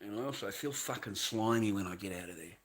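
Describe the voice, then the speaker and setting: Male streamer, bright edgy voice, profane heated rant to camera. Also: lowish voice, fast talker. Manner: profane, heated ranting with repetition. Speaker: livestream host. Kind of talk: ranting live stream monologue.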